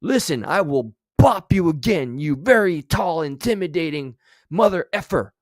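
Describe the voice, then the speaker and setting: A man's voice: lively intonation, normal speed, dry recording, studio quality. A man doing a mocking impression of an insecure grown man who blusters and whines at a rival. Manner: mocking, whiny, high-pitched.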